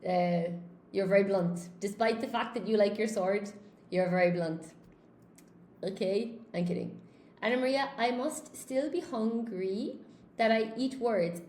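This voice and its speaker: A woman's voice: mid-range voice, measured pace, a little mellow, roomy sound, slight background noise. A woman English teacher, from Spain, giving a chatty live lesson and reading out viewer comments.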